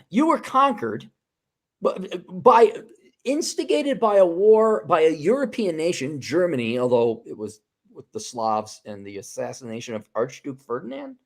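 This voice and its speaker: A man's voice: fairly high pitch, sing-song, a little slow. A man hosting a casual podcast chat, ranting heatedly with swearing and frequent restarts. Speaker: podcast host.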